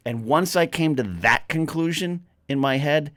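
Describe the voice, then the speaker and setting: A man's voice: medium pitch, expressive, measured pace, hardly any pauses, fairly bright tone, no room sound, studio quality. A man on a podcast as a guest, talking casually and animatedly, rambling with lots of restarts. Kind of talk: casual chat.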